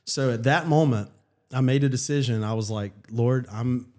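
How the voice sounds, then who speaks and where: A man, a pastor, telling his personal story in casual conversation, earnest and halting with many restarts. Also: mid-range voice, darkish tone. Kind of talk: personal testimony in casual chat.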